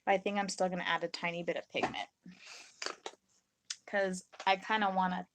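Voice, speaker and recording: A woman's voice: medium pitch, lively intonation, moderate pace, long pauses, background noise. A young woman live-streaming her resin crafting in a casual, rambling chat. She reads and answers viewers' comments and acts out her own reactions in little quotes.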